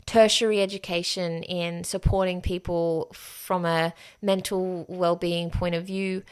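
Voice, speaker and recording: Her voice is smooth, slightly bright, and on the low side as she hosts a solo podcast. She delivers a candid monologue, emphatic and full of casual swearing.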